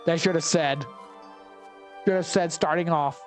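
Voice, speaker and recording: Male gameplay commentator, wry and chatty, thinks aloud, slightly high voice. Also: fairly even intonation, a little slow, faint music behind.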